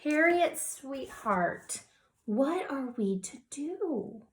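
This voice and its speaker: A woman voicing a patient mother of a messy little girl, in a drawn-out, pleading sing-song. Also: high-pitched, lively intonation, voice pushed up, heavily acted.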